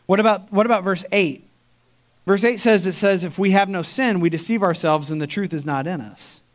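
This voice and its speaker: A man preaching a sermon as pastor, telling stories with lively emphasis, repeating words and restarting phrases as he goes. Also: moderate pace. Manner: animated storytelling, voice jumps high for emphasis.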